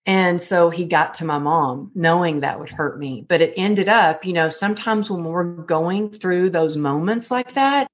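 A middle-aged woman guest telling her own story in a candid, emotional way, full of fillers. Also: on the low side. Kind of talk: personal storytelling interview.

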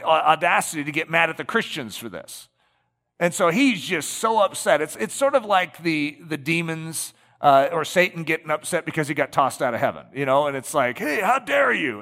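A man's voice: a little high, pushed and bright, in a large hall. A man preaching a sermon in a conversational way, often checking in with the congregation with tag questions like "okay?" and "right?".

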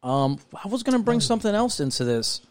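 A man's voice: sits high, sing-song, brisk, a little mellow, no echo, studio quality. A young man from New York co-hosting a podcast, chatting casually and rambling with lots of "like" and "you know". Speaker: podcast co-host.

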